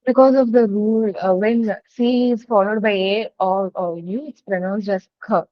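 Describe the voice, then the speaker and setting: A female language student answers questions hesitantly and reads conjugations out slowly, as if checking each sound. Her voice comes through dry and muffled, like lo-fi audio. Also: mid-range voice, steady tone, no room sound. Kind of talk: reading aloud in a lesson.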